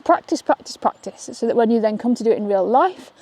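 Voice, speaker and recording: A chatty woman with a fairly high voice teaches dog training while out on a walk. She talks upbeat and keeps checking in with "okay?", recorded outdoors on a camera she holds. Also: lively intonation, quick pace, dark tone, no room sound. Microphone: camera she holds while walking.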